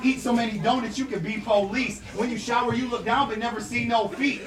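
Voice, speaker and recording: A man's voice: extremely high pitch, steady tone, brisk. A man rapping mocking insult rhymes in a live rap battle. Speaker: battle rapper. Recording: roomy, distant live recording over a loud crowd.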